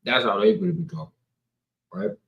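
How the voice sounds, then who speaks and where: A man's voice: high voice, steady tone, fairly quick, gravelly, lo-fi sound. A man teaching from the Bible in a loose, slangy, conversational way, reading scripture and then riffing on it, filmed on a camera indoors. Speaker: preacher. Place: indoors, filming himself on camera. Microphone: camera mic. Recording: roomy echo.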